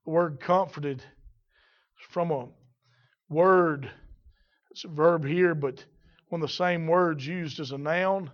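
In a muffled, dull recording, a high-voiced male preacher gives a sermon that moves between calm, quiet explanation and loud, slow, shouted passages. He swings from gentle teaching to drawn-out exclamations.

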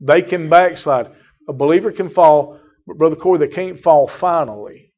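A man's voice: fairly high pitch, moderate pace. Emphatic preacher man, muffled recording. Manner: emphatic, repeats phrases, addresses congregation by name. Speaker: pastor. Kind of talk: sermon.

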